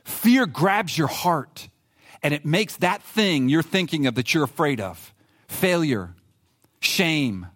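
A pastor preaching a sermon in an animated, conversational way, reading scripture aloud with emphasis. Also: male voice, a little high, takes it slowly.

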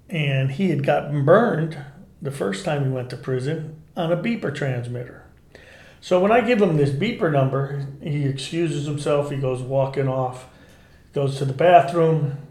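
A man, a former undercover cop, tells his stories in a lively, salty way and acts out what people said. His voice sits a little high for a man. The sound has the echo of a bare room. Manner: animated, profane, acts out quotes. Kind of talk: casual storytelling interview.

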